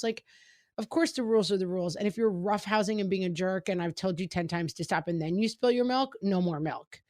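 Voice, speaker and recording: A woman's voice: mid-range voice, fairly quick, dry recording, clean studio sound. Chatty mother co-hosting a podcast. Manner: chatty, acts out quoted exchanges with her kids. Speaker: podcast co-host. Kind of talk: casual parenting chat.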